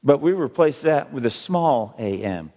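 A man preaching a sermon, slow and emphatic, with dramatic pauses. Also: medium pitch, lively intonation. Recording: dull audio with long hall reverb.

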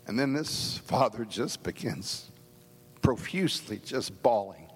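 Middle-aged male preacher, earnest, halting storyteller, mid-pitched, long hall echo. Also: expressive, slight background noise. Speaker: speaker giving a devotional talk. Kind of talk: storytelling sermon.

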